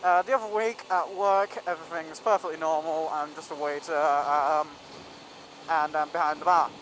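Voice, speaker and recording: A man's voice: a little high, steady tone, moderate pace, fairly bright tone, slight background noise, poor audio. A young man telling a rambling story in a casual vlog, full of ums and restarts. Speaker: vlogger.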